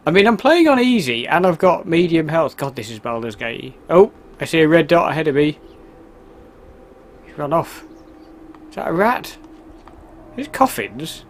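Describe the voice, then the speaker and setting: A man playing through a video game and chatting about it as he goes, excitable and quick to laugh. His voice sits a little high. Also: slight background noise. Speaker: let's play gamer. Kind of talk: casual gameplay commentary.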